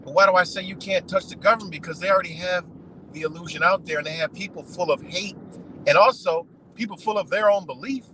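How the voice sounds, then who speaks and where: A man's voice: high-pitched, quick pace, pushed and bright, poor audio. Profane rambling man, faint background hum. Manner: profane, rambling, frequent "you know" and "man". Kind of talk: unscripted monologue.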